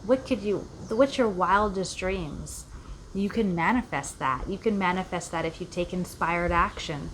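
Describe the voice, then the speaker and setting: A woman's voice: fairly low pitch, a little slow, slight background noise. A woman life coach giving an earnest, reflective self-help talk, often repeating herself for emphasis. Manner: earnest, repetitive, acts out quoted voices.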